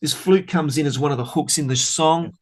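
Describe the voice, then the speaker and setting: A man's voice: a little high, a little fast. Enthusiastic man, rambling. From Australia. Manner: enthusiastic, rambling, many fillers. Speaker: bass player guest. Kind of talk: casual podcast interview.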